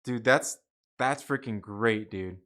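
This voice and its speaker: An excitable man hosting a casual live-stream chat, reacting loudly and saying "dude" a lot. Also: fairly low pitch, slow. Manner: excitable, peppers speech with "dude". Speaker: live show host.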